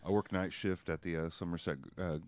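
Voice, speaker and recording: A man with a lowish voice chatting as a podcast guest, relaxed and halting, with many ums and uhs. The sound is dry and close, with no room echo. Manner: hesitant, full of fillers, laid-back. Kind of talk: casual chat.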